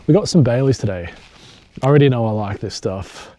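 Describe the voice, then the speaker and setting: A man's voice: medium pitch, expressive, brisk, mellow, no echo. A young man chatting casually to camera at a bush campsite, joking and swearing now and then as he films his overnight hike. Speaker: hiking vlogger. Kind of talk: casual solo vlog to camera.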